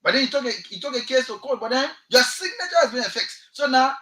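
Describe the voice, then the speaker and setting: A man's voice: very high-pitched, lively intonation, fast, bright, forceful tone, echoey room, rough recording. A man with a Liberian English accent hosting a radio talk show, delivering impassioned political commentary and firing off repeated rhetorical questions. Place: radio studio.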